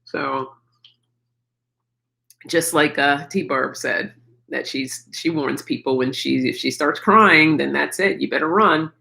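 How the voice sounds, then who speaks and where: A woman's voice: deep voice, takes it slowly, vocal fry, pushed and bright, low-quality recording. A middle-aged woman hosting a live chat, talking frankly and personally about her feelings and swearing freely. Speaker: livestream host.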